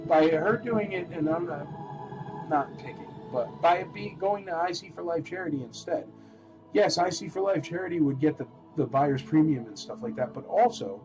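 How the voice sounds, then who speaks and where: A man hosting a live-stream toy auction, chatting in a rambling, animated way and calling out bids. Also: fairly high pitch, poor audio.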